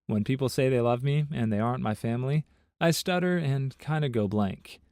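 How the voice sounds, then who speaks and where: A man narrating a compilation of internet stories and comments in a steady, even read-aloud manner. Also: mid-range voice, fairly quick, no echo, studio quality. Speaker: narrator of online story compilations.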